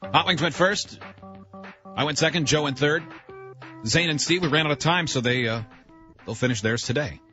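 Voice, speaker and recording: A man's voice: a little high, normal speed, long pauses, sharp tone, dull audio, soft background music. A man co-hosting a morning radio show, teasing his partner in casual, wry banter. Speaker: radio co-host. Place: radio studio.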